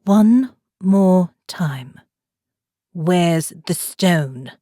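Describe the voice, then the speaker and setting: A tough woman with a military past, speaking low, slow and calm with a cold threat, as a narrator puts her on. The sound is dry and close, the voice on the low side. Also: dry recording, heavily acted. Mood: menacing. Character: hard, cold woman ex-soldier, menacing.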